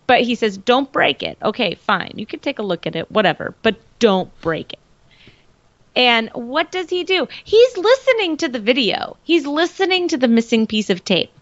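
Animated woman recapping a TV show. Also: on the high side, normal speed, no echo. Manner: animated, mimics characters, laughs often. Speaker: podcast co-host. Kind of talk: casual TV recap chat. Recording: dull, lo-fi dry recording.

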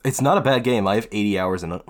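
A man's voice: on the low side, quick pace. A man telling rambling stories in a casual podcast chat, swearing freely. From United States. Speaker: podcast co-host.

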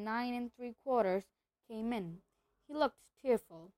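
A woman reading a novel aloud in a steady way, occasionally stumbling and correcting herself. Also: fairly high pitch, moderate pace, rough recording. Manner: steady reading with small slips and self-corrections. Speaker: storybook reader.

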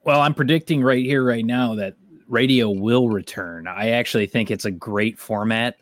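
This middle-aged man from the Detroit area, Michigan, hosts a podcast and chats casually, rambling and tossing out offhand swears. His voice is medium-pitched at a normal speed, recorded dry.

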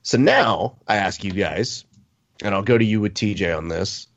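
A man hosting a sports podcast, leading the discussion in an expressive, playfully indignant way. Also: on the low side, normal speed, dull audio. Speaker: podcast host. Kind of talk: casual sports talk.

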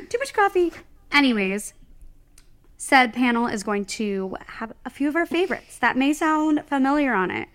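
A young woman co-hosts a casual podcast, reading announcements with quick jokes and asides. Her voice sits a little high for a woman, and she talks in a bubbly, playful way. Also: expressive, a bit bright, smooth. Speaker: podcast co-host. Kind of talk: casual podcast chat and ad read.

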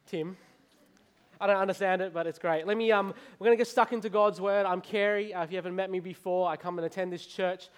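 A man in his thirties with an Australian accent, preaching a sermon in a lively storytelling way and often stumbling and repeating words. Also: high-pitched, fast, smooth.

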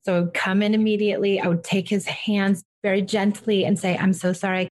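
A woman giving a parent calm, direct advice on handling a child's tantrums. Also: medium pitch, fairly quick. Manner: direct, reassuring, acts out what to say to children. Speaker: parenting coach. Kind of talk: advice session.

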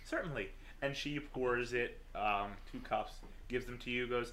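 Running a tabletop game as game master, a man narrates in a relaxed, unhurried way full of fillers. His voice sits in the mid-range.

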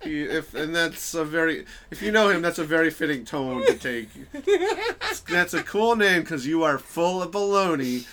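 A man's voice: fairly high pitch, normal speed, slight background noise. A young man from New York, a comedian guest chatting casually on a podcast, rambling and cutting himself off mid-sentence. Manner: rambling, self-interrupting, animated bursts.

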